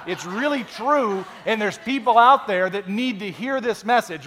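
Male pastor, slightly high voice, casual joking sermon delivery, lots of restarts. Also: lively intonation, moderate pace, background noise. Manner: conversational, joking, frequent restarts. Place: church sanctuary.

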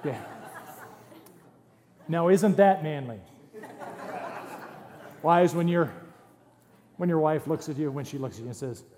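A man's voice: on the high side, takes it slowly, pauses often, a little mellow, some chatter behind. A man preaching a sermon to his congregation in a conversational, humorous way, with jokes and asides. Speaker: pastor. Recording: long hall reverb.

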